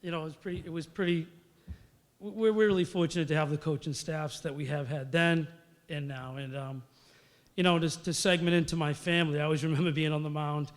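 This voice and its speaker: A middle-aged man gives an acceptance speech in a banquet hall. His voice sits slightly high, and he tells stories in a loose, conversational way, full of fillers and acted-out quotes. The recording carries a long hall reverb. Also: steady tone, brisk. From Massachusetts. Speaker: hall of fame inductee.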